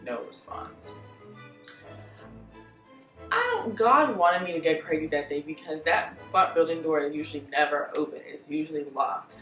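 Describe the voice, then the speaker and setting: A woman vlogger telling a storytime in a blunt, profane, animated way. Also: low-pitched, normal speed, pauses often, roomy sound, recorded from a distance, soft background music, poor audio. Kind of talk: storytime vlog.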